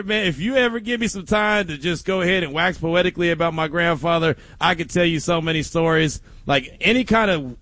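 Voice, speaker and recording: A man's voice: sits high, no echo. A man hosting a daily sports talk show, telling stories casually with frequent laughs. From Oakland. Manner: animated storytelling with frequent laughs.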